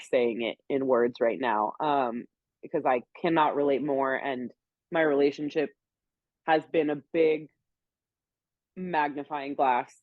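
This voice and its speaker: A woman's voice: extremely low pitch, no echo. A young woman co-host talks openly and rambles as she reflects on herself. Her voice comes through a thin, phone-like line and sounds dry and close. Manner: rambling, open and self-reflective. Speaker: podcast co-host. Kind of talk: casual chat.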